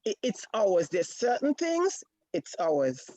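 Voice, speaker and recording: A woman tells a story on a panel with a lively, swooping voice, acting out each line of dialogue. The sound is dry and close. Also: mid-range voice, slow pace, no echo, low-quality recording. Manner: animated, acts out dialogue.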